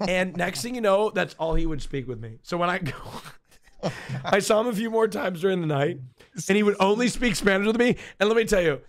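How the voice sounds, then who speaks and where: A man from Oregon chats on a podcast, telling stories in an animated, joking way. His voice sits a bit high for a man. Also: brisk. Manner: animated storyteller, playful and laughing. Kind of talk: casual chat.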